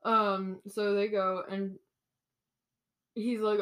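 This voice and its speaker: A woman's voice: medium pitch, flat delivery, a little slow, a bit bright. Young woman, podcast co-host, casual book chat, giggly, acts out characters' lines, lots of "like". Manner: retells scenes acting out the characters' lines; giggly, says "like" a lot.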